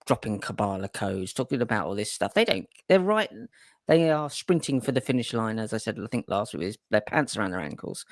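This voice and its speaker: Man, podcast co-host, animated pitch, emphatic, casual swearing, dry sound. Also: no room sound. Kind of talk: casual chat.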